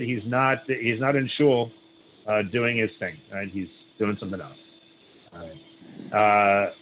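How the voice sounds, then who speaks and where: A rabbi who reads a story aloud with pauses, adding "right?" asides and leading a group discussion. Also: male voice, mid-range voice. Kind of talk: reading a story aloud, then opening discussion. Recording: tinny phone-like line, faint hiss.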